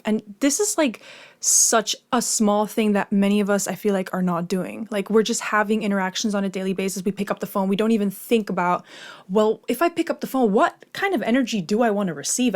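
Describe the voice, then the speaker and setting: A young woman tells a personal story straight to her viewers in an easy, conversational flow. She is loose and profane, leans on fillers like "like" and "you know," and sits at an ordinary middle pitch for a woman. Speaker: meditation and manifestation vlogger. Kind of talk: casual storytelling to camera.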